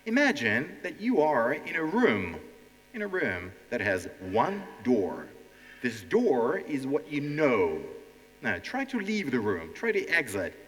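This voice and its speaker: Hall reverb colors this recording of a Ukrainian-accented man with a mid-range, fairly bright voice. As language teacher and host, he delivers a stand-up style lesson straight to a live audience, playing the part of nervous learners.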